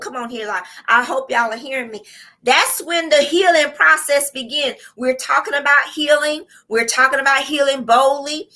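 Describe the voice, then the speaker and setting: Bright-voiced, fervent woman preaching. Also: high voice. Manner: fervent, repetitive, with call-outs to the audience. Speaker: host and coach. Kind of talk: preaching-style motivational talk. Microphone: live online show.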